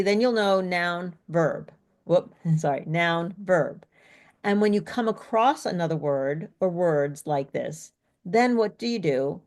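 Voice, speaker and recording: A woman's voice: on the low side, darkish tone. A woman speech coach teaching an online workshop in an explanatory, coaching way over a video call.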